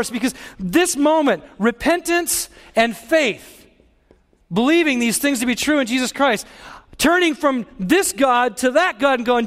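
Male pastor, emphatic sermon style, unusually high voice, reverberant hall sound. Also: expressive, measured pace, fairly bright tone. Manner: passionate, emphatic preaching.

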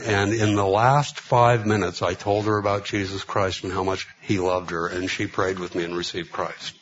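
Over dull-sounding audio, a preacher with a fairly low voice tells long personal stories as a sermon. He rambles, leans heavily on fillers, and acts out the dialogue of the people in his anecdotes.

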